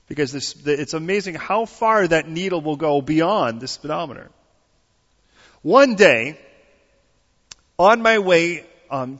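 A man's voice: on the high side, a bit bright. A man preaching a sermon, telling a story in a conversational way, then building to emphatic preaching and checking in with the congregation through questions. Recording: dull audio with long hall reverb.

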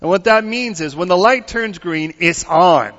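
A man's voice: sits high, normal speed, fairly bright tone. A man preaching a sermon, telling a story in a conversational way, then building to emphatic preaching and checking in with the congregation through questions. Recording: dull audio with long hall reverb.

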